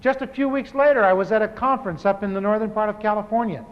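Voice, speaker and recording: A pastor in his fifties tells his own testimony with humor, talking like he's chatting with friends and often restarting his sentences. His voice sits high for a man. It rings through a large hall on a dull, lo-fi tape. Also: fast talker. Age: 50s. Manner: conversational storytelling with restarts.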